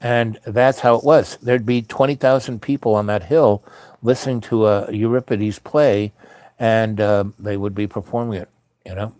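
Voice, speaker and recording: A man's voice: fairly low pitch, fairly even intonation, moderate pace, darkish tone, no room sound. A man telling a personal travel story in a casual, rambling way, full of fillers and restarts.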